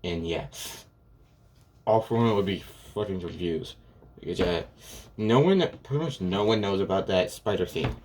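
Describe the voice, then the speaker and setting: A man's voice: deep voice, expressive, moderate pace, a little mellow. A man casually retelling a fan story, rambling and filling gaps with "and yeah" and "pretty much".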